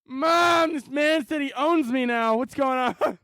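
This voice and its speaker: A young lemonade-selling boy yells in shrill panic, as a man puts him on. The voice jumps very high and loud, with a dry, close sound. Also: measured pace, no echo, full character voice. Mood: panicked.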